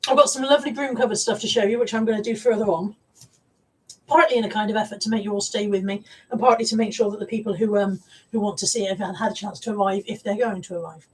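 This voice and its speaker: A woman's voice: mid-range voice, fairly even intonation, fast talker, slightly rough, far from the mic, poor audio. A woman hosting a casual live stream, chatty and rambling as she greets viewers. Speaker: live-stream host and reseller.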